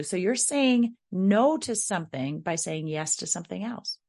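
A woman's voice: lowish voice, brisk, few pauses. A woman with a Midwestern US accent hosting a parenting podcast, coaching in a conversational way and asking rhetorical questions. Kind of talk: podcast advice talk.

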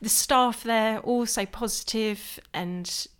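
A woman's voice: a little high, slow pace, a bit bright, smooth. Enthusiastic woman co-hosting a podcast. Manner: enthusiastic, laughs easily. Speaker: podcast co-host. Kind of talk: casual chat.

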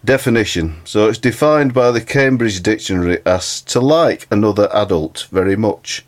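A man's voice: fairly low pitch, moderate pace. A man co-hosting, reading a word's origin, definition and quotes aloud, earnest and reflective. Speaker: co-host.

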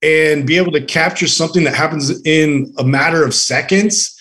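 A man adds laid-back, skeptical remarks to a podcast chat, mostly in short replies. His voice sits slightly high for a man. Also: normal speed, sharp tone.

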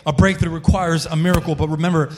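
High-voiced impassioned preacher in a reverberant hall. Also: male voice, fairly even intonation, quick pace. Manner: impassioned, calls on listeners by name. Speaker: pastor. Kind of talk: sermon.

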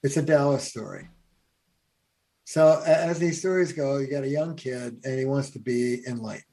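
A male family therapist appears as a guest in a reflective conversation, hesitating often with many halting fillers and restarts. His voice is medium-pitched, creaky, and dark in tone.

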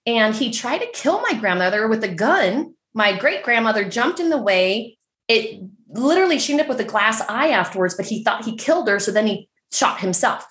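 A middle-aged woman from San Francisco, telling a story as a podcast guest in a chatty, animated way full of fillers. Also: a little high, moderate pace, roomy sound. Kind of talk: casual storytelling.

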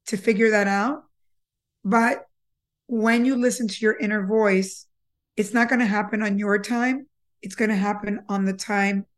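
A middle-aged woman hosting a podcast, telling a personal story in an earnest way, often repeating words as she gathers her thoughts. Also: medium pitch. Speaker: podcast host.

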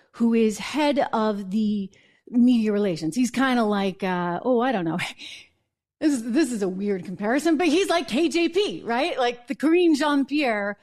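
This woman is hosting a live political talk show, and her voice sits a little high for a woman. She talks in a chatty, conversational way, with frequent restarts, quick asides and a wry laugh at her own points. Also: expressive, darkish tone.

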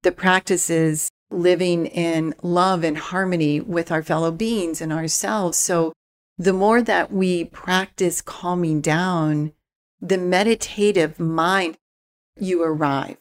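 A woman speaking as a spiritual mentor guest in a relaxed interview, calm and reflective with easy laughs. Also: lowish voice, slow. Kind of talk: casual interview chat.

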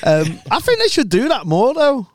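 A man's voice: extremely high pitch, huge pitch swings, moderate pace, no room sound, clean studio sound. A man hosting a podcast, telling stories in casual chat, swearing freely and laughing often. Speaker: podcast host, comedian.

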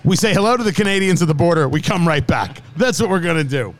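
Fairly high-voiced guy hosting a talk show, jokey and teasing, chatty. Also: quick pace. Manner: joking, teasing, animated. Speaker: host. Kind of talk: casual banter on a food and drink show.

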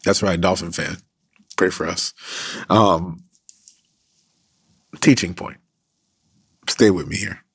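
A man's voice: low-pitched, steady tone, slow, long pauses, fairly bright tone, breathy edge, no echo, studio quality. A man preaching a sermon as pastor, earnest, sometimes dropping to a whisper for emphasis.

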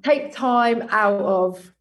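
A woman's voice: mid-range voice, very slow, slight background noise. A woman talking casually and frankly as an interview guest from her home. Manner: chatty, frank, laughs easily. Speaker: music agent, guest.

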